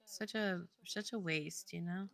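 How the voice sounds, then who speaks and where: A woman's voice: lowish voice, a little slow, creaky, a bit bright. A young adult woman co-hosting a casual stream, chatty and giggly, often saying "like". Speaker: co-host of game development stream. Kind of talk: casual chat.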